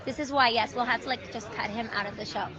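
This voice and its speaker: A woman with a Spanish-sounding accent answers questions in a television interview, stopping and restarting as she hunts for words. Her voice sits high. The clip is dull and lo-fi, with a crowd murmuring behind her. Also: fairly even intonation. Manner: halting, searching for words.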